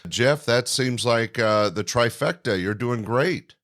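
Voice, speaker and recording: A man hosting a podcast, thanking and introducing a guest in a formal announcing manner with many pauses. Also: mid-range voice. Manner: warm-toned, formal announcing with frequent "uh" pauses. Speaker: podcast host.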